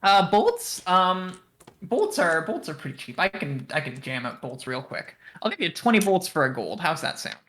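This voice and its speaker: A young man runs a tabletop game as game master, his voice a touch higher than most men's. He rambles through his descriptions, full of filler words and restarts. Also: very animated, normal speed, a bit bright, slight background noise.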